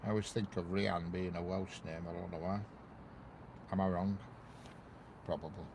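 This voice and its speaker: This railway livestreamer, a northern English man, sits in his parked car by a railway bridge chatting loosely and naming viewers as he greets them. His voice is low and level with vocal fry at a moderate pace. The wireless clip-on mic inside the car captures a noisy background.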